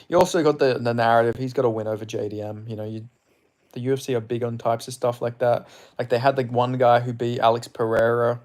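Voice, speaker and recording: A young Australian man with a slightly English-tinged accent, chatting loosely on a fight-sports livestream, rambling and swearing casually. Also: mid-range voice. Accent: Australian, somewhat mixed with English. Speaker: MMA livestream host. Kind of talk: casual livestream chat answering viewers.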